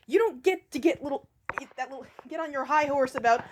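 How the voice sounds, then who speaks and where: Sarcastic woman commentator, high voice. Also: quick pace, few pauses, a little hiss or hum. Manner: sarcastic, profane, with frequent ums. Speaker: commentator responding to a video. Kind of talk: casual commentary rant.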